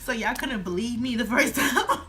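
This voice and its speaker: A woman's voice: fairly high pitch, normal speed, pushed and bright. A woman in her twenties telling a storytime vlog at home, laughing often as she talks. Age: 20s. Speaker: vlogger.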